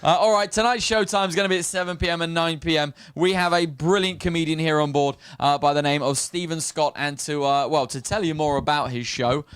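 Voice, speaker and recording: A man's voice: on the high side, fairly quick, few pauses, fairly bright tone, clean tone, no room sound, clean studio sound. A man hosting a morning show on a cruise ship, chatty and upbeat, teasing his guests. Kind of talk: casual chat show.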